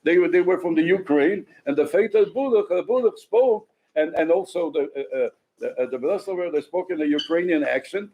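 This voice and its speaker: A man's voice: fairly high pitch, moderate pace, mellow, rough recording. A man speaking as a rabbi at a farbrengen, telling stories with frequent restarts. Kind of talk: farbrengen talk. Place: synagogue.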